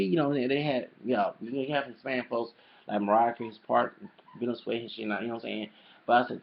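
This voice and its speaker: Fast-talking gravelly man, rambling. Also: mid-range voice, slight background noise. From El Paso, Texas. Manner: rambling, emphatic, repeats "you know what I'm saying". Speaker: vlogger. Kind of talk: casual monologue to camera. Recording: dull lo-fi home video audio.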